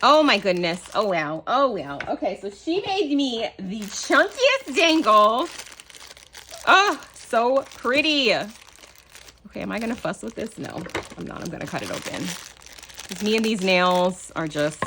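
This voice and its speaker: A woman hosting a casual craft unboxing vlog, gushing and excitable, with lots of fillers. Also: mid-range voice, a little slow, slight background noise. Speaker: crafting channel host.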